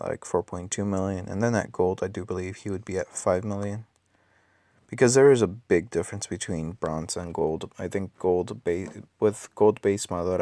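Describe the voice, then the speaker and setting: A man with a raspy, just-woken-up voice, thinking aloud with many ums and self-corrections during casual gameplay commentary. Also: low voice, a little mellow, no echo, studio quality. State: just woke up. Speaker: mobile game player.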